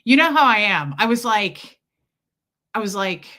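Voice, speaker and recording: Bright-voiced woman chatting on a livestream. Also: mid-range voice, sing-song, measured pace. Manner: rambling, chatty storytelling with asides to viewers and pets. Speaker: livestream host. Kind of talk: casual livestream chat.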